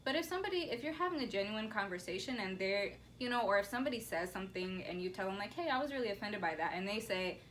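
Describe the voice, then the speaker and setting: A woman's voice: medium pitch, fast, hardly any pauses, slight background noise, rough recording. Earnest woman in casual discussion. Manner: earnest, animated when quoting others. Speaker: college instructor.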